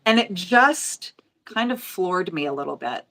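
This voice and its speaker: A woman's voice: on the low side, expressive, a little slow, fairly bright tone. A woman in her forties, a nail educator from the United States, telling stories in a casual, emotional way. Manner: emotional, storytelling with quoted voices. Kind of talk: casual chat.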